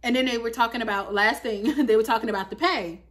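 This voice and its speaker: A woman in her thirties chatting casually in a home vlog, animated and talkative, full of fillers like "like" and "you feel me". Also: a little high, quick pace. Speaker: lifestyle vlogger.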